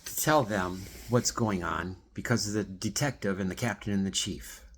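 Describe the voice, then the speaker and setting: A man's voice: low voice, moderate pace, fairly bright tone, slight background noise. A man speaking straight to one absent person in a rambling, pleading video monologue. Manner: rambling, restarts and trails off. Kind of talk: direct-address video monologue.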